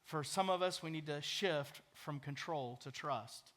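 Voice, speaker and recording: Bright-voiced man preaching over soft music. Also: on the high side, a little slow. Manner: earnest, conversational preaching with prayerful asides. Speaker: pastor. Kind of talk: sermon.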